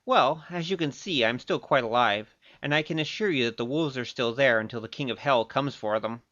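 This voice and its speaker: An actor playing a cocky young male thief who speaks in a wry, playful, quick-witted way, narrating his tale in a radio play. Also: medium pitch, a bit bright, no room sound, muffled recording, natural voice. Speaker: narrator and lead.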